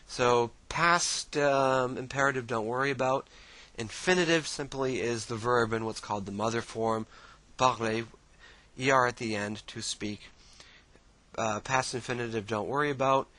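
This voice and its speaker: A man explaining things in a casual, relaxed screen-share tutorial, using many fillers and restarts. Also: lowish voice, poor audio. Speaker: language teacher.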